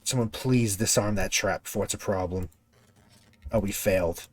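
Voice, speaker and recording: A man with a lowish voice streams a video game at normal speed, offering casual gameplay commentary and chatting with his viewers as he plays. When a fight goes badly, he swears.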